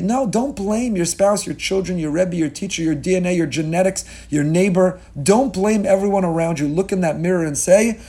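Rabbi guy preaching, fired up, kinda husky, mellow tone, keeps repeating stuff for emphasis. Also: sits high, moderate pace, hardly any pauses. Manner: impassioned, rhetorical, repeats key words for emphasis; mixes Hebrew and Yiddish terms into his talk. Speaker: rabbi teaching a class. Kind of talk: sermon.

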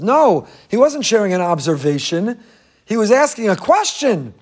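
A man with a high voice preaches a sermon with passion and emphasis. He slips Hebrew phrases into his English. He drives his points home with repetition. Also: very animated, moderate pace. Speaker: rabbi.

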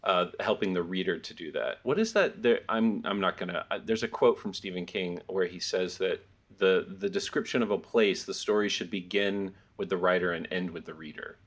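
A man's voice: deep voice, normal speed, few pauses. A man in casual conversation about making a fiction project, reflective and thinking aloud with frequent restarts.

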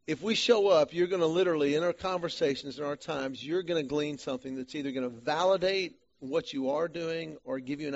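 A man leading a church men's group study, teaching casually with animated, self-deprecating stories. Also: fairly high pitch, dull audio.

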